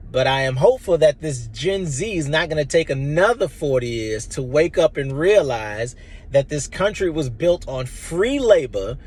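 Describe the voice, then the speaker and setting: A man's voice: a little high, animated, normal speed, a little mellow, husky. A man in his thirties giving an impassioned, blunt personal monologue, emphatic and profane. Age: 30s. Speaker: vlogger.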